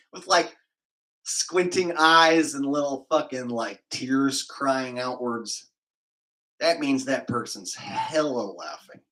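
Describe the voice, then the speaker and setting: A Californian streamer reads donations in loose, rambling banter laced with crude jokes. He speaks slowly in a mid-range voice with a sharp tone, and the recording is low quality.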